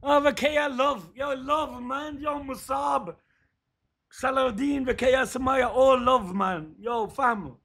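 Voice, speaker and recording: A man's voice: very high voice, steady tone, slow pace, creaky, a bit bright. A man, a father, streaming a game and chatting with viewers in laid-back slangy banter. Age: adult father. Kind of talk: casual livestream chat.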